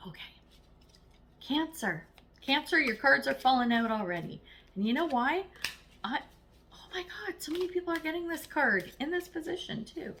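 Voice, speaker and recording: Woman tarot reader, casual to-camera chat, animated and blunt, slightly high voice. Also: normal speed, pauses often, a little hiss or hum. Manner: chatty, animated, blunt and encouraging.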